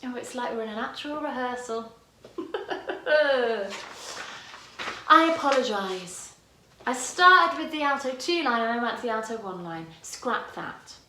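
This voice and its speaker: A woman's voice: a little high, expressive, moderate pace, pushed and bright, echoey room, slight background noise. A woman choir director teaching parts by singing them, her voice tired today. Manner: demonstrates lines by singing, chatty and self-correcting. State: tired voice, using head voice.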